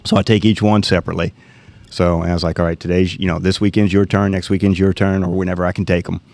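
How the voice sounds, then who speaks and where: A man's voice: sits low, fast talker, creaky. A middle-aged man, casually telling a hunting story and acting out the dialogue. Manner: animated storyteller, acts out quoted dialogue.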